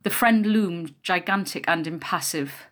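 A woman narrating a first-person memoir in a quiet, measured storytelling voice. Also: lowish voice.

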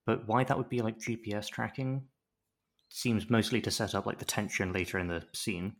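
Lively man, lowish voice. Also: normal speed. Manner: animated, jokey, acts out quotes in voices. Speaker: podcast co-host recapping a TV episode. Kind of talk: casual chat.

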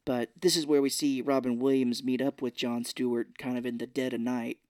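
A man talks casually on a movie podcast at an ordinary middle pitch. He retells film scenes by acting out the characters' lines. The room sound is dry and close. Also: little pitch movement, fairly quick, darkish tone, no echo. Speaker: podcast co-host.

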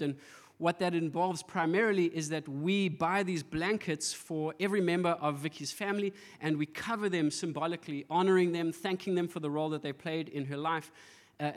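A man's voice: a little high, big-room sound. A man pastor preaching a sermon, telling stories with playful acted-out asides. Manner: storytelling with playful voiced asides and laughter.

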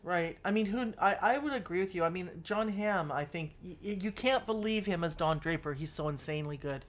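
A woman from California co-hosting a podcast, chatting casually in an emphatic, animated way, laughing often and swearing now and then. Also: fairly low pitch, a little fast. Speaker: podcast co-host. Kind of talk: casual chat.

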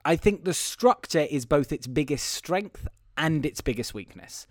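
A man's voice: a little high, lively intonation, measured pace, no room sound, clean studio sound. A man hosting a casual podcast, chatting animatedly about a film plot with self-deprecating asides. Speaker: podcast host and editor. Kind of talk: casual film review chat.

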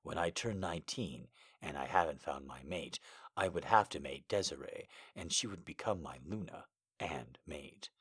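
A man voicing a tender young werewolf alpha who talks in a breathy, hushed murmur, within a comedic reading of amateur fiction. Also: very deep voice, moderate pace, pitched below the performer's own voice, full character voice.

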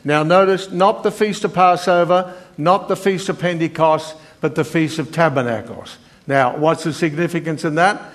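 An older man preaching a sermon, reading scripture in an earnest, halting way with many fillers and restarts. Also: a little high.

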